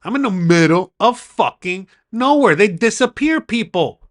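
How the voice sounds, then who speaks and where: A man vlogging, telling a story to camera in an excitable way, swearing freely and acting out what people said. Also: high-pitched, moderate pace. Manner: excitable, swearing, acts out the quoted dialogue.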